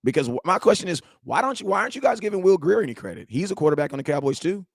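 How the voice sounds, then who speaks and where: A young man hosts a live sports talk stream, ranting heatedly in slang, repeating himself and addressing his viewers directly. His voice is high-pitched, sing-song, and racing, with no room sound.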